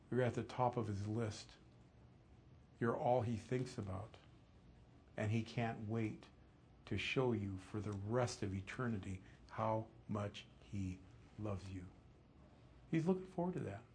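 A man preaching an expository sermon, telling the story with animation and dropping low and soft for emphasis. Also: takes it slowly, pauses often, a little hiss or hum. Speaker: pastor.

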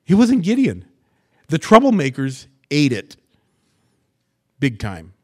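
A man from the US West Coast teaching a Bible passage verse by verse as a pastor, folksy and animated, with plain-spoken asides and stories. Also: a little high, takes it slowly, slightly rough.

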